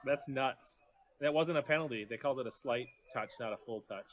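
A man commenting casually and excitedly while watching a fishing weigh-in. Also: medium pitch, a little fast, slight background noise.

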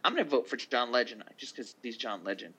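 A man co-hosting a casual podcast chat, reading down a list of nominees with quick asides. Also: medium pitch, expressive, sharp tone, husky, low-quality recording. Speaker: podcast co-host.

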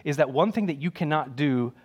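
A man's voice: a little high, animated, brisk, a little mellow, breathy edge. A man preaching a sermon in an emphatic, conversational way, repeating key phrases.

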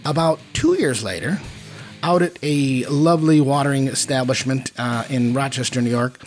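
A man's voice: medium pitch, moderate pace. A man telling a rambling, self-mocking story in a casual monologue, with many fillers. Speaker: podcast host. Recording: faint guitar music behind.

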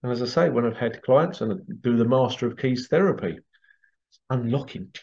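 A man's voice: mid-range voice, moderate pace, vocal fry, darkish tone, highs cut off. A man working as a healing therapist, talking casually in a rambling way and repeating his phrases. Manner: rambling, repeats phrases, acts out quoted voices. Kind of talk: casual monologue to camera.

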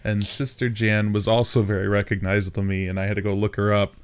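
Low-voiced man in casual chat. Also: flat delivery, fast, smooth. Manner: conversational, chimes in with details. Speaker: podcast co-host. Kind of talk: casual movie recap chat.

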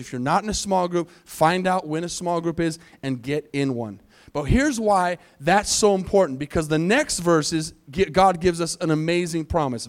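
A man with a high, light voice preaches to his congregation. He drives his points hard with rhetorical questions and slows down to read scripture. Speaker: pastor. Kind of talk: sermon. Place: church sanctuary.

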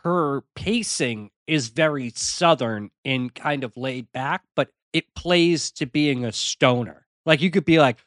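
A man co-hosting a podcast, talking in a hesitant, halting way. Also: medium pitch, a bit bright, dry recording, clean studio sound. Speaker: podcast co-host. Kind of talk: casual chat.

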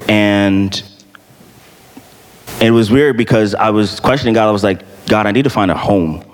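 A young man casually sharing his church testimony, animated, full of fillers and acted-out quotes. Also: normal speed, big-room sound, faint music behind. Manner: animated storytelling, acts out quotes in a high voice, many fillers. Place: church hall.

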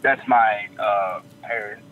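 Slow hesitant man on a dull phone line. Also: lowish voice, fairly even intonation, a little hiss or hum. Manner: hesitant, halting, then cursing back. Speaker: caller.

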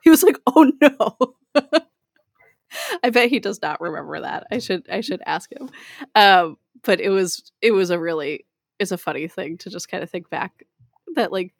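A woman around forty hosting an interview, chatty and quick to laugh as she tells stories. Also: lowish voice, gravelly, no room sound, clean studio sound. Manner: giggly, chatty storyteller. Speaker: podcast host. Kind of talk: casual interview chat.

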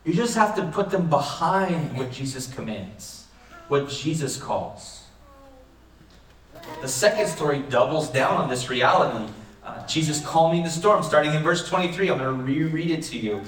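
A man's voice: fairly high pitch, animated, moderate pace, slight background noise. A man pastor preaching a sermon in a conversational way, often asking rhetorical questions, in a church hall. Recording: echoey room, mic far off.

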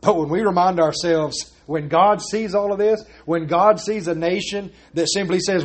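A pastor with a voice high for a man preaches a sermon from the pulpit at normal speed, barely pausing. Earnest and emphatic, he drives his points home and leans on rhetorical questions.

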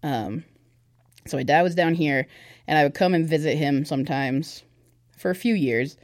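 A young woman, a podcast guest, shares a personal testimony in casual chat, speaking at normal speed in a low-pitched, darkish voice. The recording is dry with clean studio sound, and she talks candidly and conversationally with many fillers.

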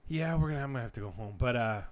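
A man in his thirties co-hosting a casual podcast, telling stories with animated energy and frequent laughs. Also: mid-range voice, rapid-fire. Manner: animated storyteller, laughs often. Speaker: podcast co-host. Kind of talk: casual chat.

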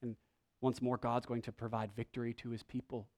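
A man preaching a sermon, reading scripture aloud and moving between emphatic lines and hushed ones. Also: mid-range voice, level tone, brisk. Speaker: pastor.

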